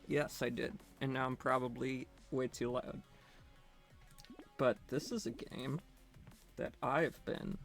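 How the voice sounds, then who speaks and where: A man's voice: medium pitch, sing-song, slow pace, gravelly, pauses often, faint music behind. A young man live-streaming a game, chatting casually in a nervous, rambling, self-mocking way.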